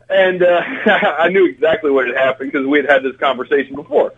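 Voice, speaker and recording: Male radio caller, chatty storyteller, high voice, phone line sound. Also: steady tone, brisk, few pauses, husky. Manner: chatty storyteller, laughs easily. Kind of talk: call-in talk radio.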